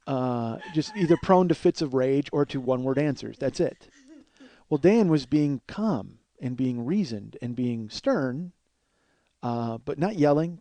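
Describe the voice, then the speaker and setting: A man's voice: mid-range voice, warm tone. A man in his forties hosting a comedy podcast, telling a rambling, profane, self-deprecating story. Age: 40s. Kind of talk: storytelling monologue.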